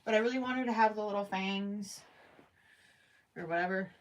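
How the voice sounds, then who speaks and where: At home on a crochet livestream, a woman rambles and muses aloud while she works, chatting with viewers and reading their messages. Her voice sits in the mid range and moves at a moderate pace.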